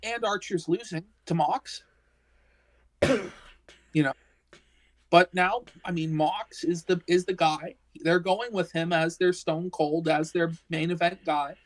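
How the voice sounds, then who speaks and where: A woman's voice: on the low side, slow, pauses often, a little hiss or hum, low-quality recording. A woman co-hosting a casual wrestling discussion stream, ranting with heavy swearing and exasperation. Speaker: podcast co-host.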